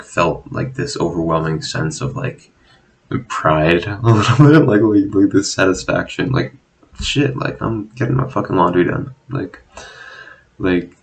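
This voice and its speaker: A young man talking casually in a rambling, self-deprecating monologue, swearing often and filling pauses with "like" and "um". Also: sits low, creaky, rough recording. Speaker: vlogger. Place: at home, drinking.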